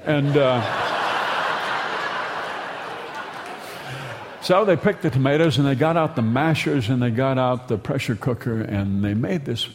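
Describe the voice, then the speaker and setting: A man's voice: medium pitch, slow, pauses often, slight background noise. A man telling a humorous story in a wry, meandering way, often stumbling and repeating words. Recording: long hall reverb.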